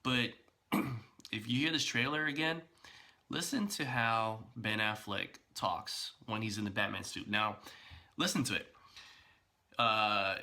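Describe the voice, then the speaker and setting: A man giving casual, animated reaction commentary as a video blogger, chatty and full of fillers and restarts. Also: lowish voice, unhurried, gravelly, pauses often.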